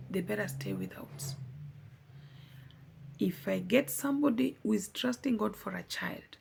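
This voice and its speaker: A woman's voice: medium pitch, creaky, darkish tone, slight background noise. A young adult woman vlogger giving a heartfelt personal testimony, earnest and pleading, repeating words for emphasis.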